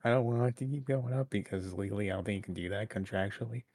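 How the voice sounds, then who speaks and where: A young man co-hosting a podcast, joking in a dry, deadpan way. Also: fairly low pitch, fast, dry recording. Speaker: podcast co-host. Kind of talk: casual chat.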